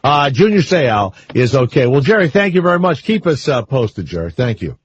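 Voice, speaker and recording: An older man hosts a talk radio show, rambling and wisecracking in loose asides with callers and co-hosts. His medium-pitched voice swings widely in pitch at normal speed with a breathy edge; the recording is dry yet sounds like a muffled lo-fi radio broadcast.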